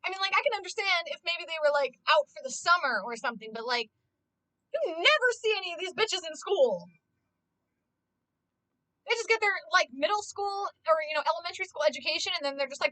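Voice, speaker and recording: A woman's voice: very high-pitched, expressive, a little fast, bright, forceful tone, low-quality recording. A young woman streamer talking casually as she plays and watches, ranting animatedly and swearing often. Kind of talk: casual live-stream commentary.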